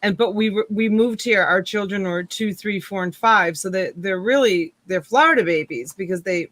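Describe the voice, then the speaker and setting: A woman with a strong Boston accent, telling a lively family story in a casual livestream chat. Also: medium pitch, moderate pace, dry recording.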